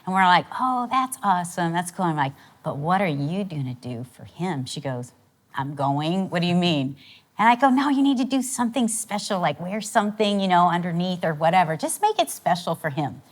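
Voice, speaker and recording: Middle-aged female co-host; casual, laughing storyteller, lower pitch. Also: lively intonation, brisk. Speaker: podcast co-host. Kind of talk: casual chat.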